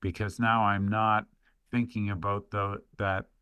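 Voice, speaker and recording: A man appearing as a podcast guest, speaking in a measured, deliberate way with pauses. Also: fairly low pitch, flat delivery, bright, forceful tone, smooth, no echo. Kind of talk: reflective podcast discussion.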